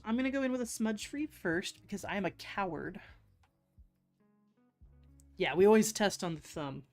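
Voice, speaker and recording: A woman's voice: medium pitch, darkish tone. A woman chatting casually on a live stream while doing nail art, laughing often and teasing herself.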